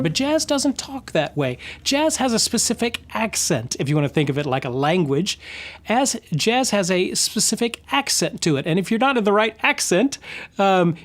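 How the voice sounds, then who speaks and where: A man giving an instructional guitar lesson, explaining patiently and counting and scatting rhythms aloud. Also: high voice. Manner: friendly, explanatory, with restarts. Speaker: guitar teacher.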